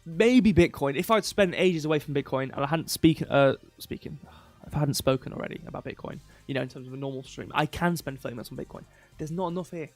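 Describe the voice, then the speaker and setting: Rambling male crypto streamer, slightly hoarse. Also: fairly high pitch, quick pace, hardly any pauses, soft background music. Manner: rambling, self-interrupting, reads chat aloud. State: losing his voice, coughing. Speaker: crypto livestream host. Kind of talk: casual livestream chat. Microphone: desk mic.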